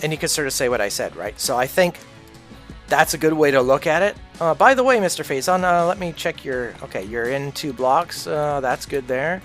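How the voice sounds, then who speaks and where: Livestreaming a game, a man rants casually, blunt, profane, and full of opinions. His voice sits on the high side, lively and fairly bright, at a moderate pace, with soft music playing behind him.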